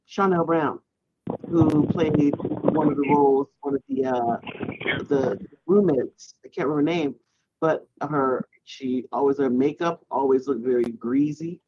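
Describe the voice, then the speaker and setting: A man co-hosting a casual panel chat, reflective and halting, with many "you know"s. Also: a little high, gravelly, mellow, slightly rough. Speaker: podcast co-host. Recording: dull lo-fi sound.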